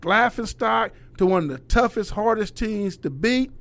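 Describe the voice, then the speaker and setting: Speaking at a normal pace in a high, creaky voice, a middle-aged man who coaches youth basketball swaps stories casually. He's animated and foul-mouthed, imitating the voices of anyone he quotes.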